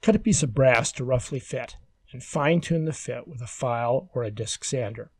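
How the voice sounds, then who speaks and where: A man giving calm, measured, step-by-step woodworking instructions as a scripted voice-over. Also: medium pitch, husky, dry recording.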